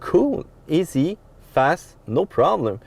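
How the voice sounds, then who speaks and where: A man's voice: fairly high pitch, very animated, takes it slowly, vocal fry. A man with a French accent giving a casual walkthrough of a pickup's dashboard controls, loose and full of fillers. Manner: loose explaining with frequent uh fillers and restarts. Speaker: car reviewer. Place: inside a pickup truck cab.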